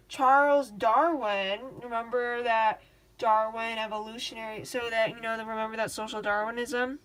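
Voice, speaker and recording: Excitable chatty young woman explaining. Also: a little high, moderate pace. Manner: excitable, gushing, slangy with swearing; chatty, rambling with restarts. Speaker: student tutor. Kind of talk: casual study-guide talk.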